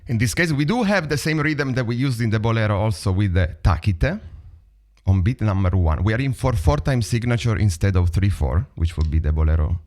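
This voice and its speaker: A man's voice: lowish voice, expressive, fairly quick, darkish tone. A man with an Italian accent teaching a drum lesson over a video call, chatting and vocalizing rhythms aloud.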